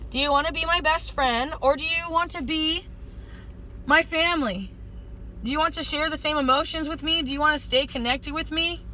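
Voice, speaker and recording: A woman speaks to her viewers in a loose, stream-of-consciousness vlog monologue. Her voice sits high and sounds bright. She talks earnestly and often slips into pleading. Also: moderate pace, a little hiss or hum, rough recording. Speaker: vlogger. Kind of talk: rambling spiritual vlog monologue.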